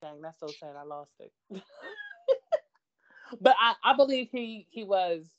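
A woman in a casual review chat, animated and expressive about a show. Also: medium pitch, unhurried, dull audio.

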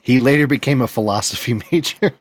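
A man's voice: medium pitch, fairly quick, a little hiss or hum. A man in casual chat, joking around and bantering playfully.

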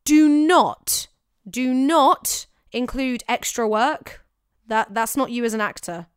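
A woman's voice: fairly high pitch, slow, smooth, no echo, clean studio sound. A young woman co-hosting a casual talk show, giving acting advice in an emphatic, chatty way that often corrects itself. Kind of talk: casual chat.

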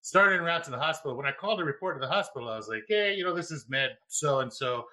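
A man spins a raucous work story in casual chat. His voice is bright and high, swinging up and down in pitch. He laughs often and shouts the quoted lines. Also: lively intonation, quick pace, low-quality recording. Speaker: podcast host; former EMT.

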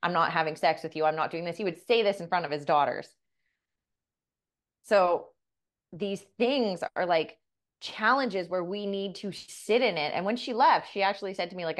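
A woman co-hosting a podcast, talking earnestly and telling stories that quote the people in them. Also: fairly low pitch. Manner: earnest, storytelling, quotes others in dialogue. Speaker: podcast co-host. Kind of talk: reflective podcast conversation.

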